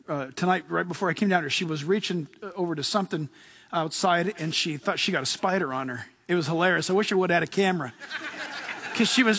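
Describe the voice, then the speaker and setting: A middle-aged male pastor giving a sermon in a casual, excitable, slangy way. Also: high voice, breathy edge.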